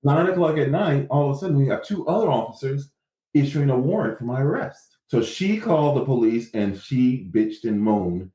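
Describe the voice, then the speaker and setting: A man's voice: mid-range voice, normal speed, echoey room, low-quality recording. A man guest in a casual interview, telling his story with animation and acting out what others said. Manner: animated, acts out quotes from others.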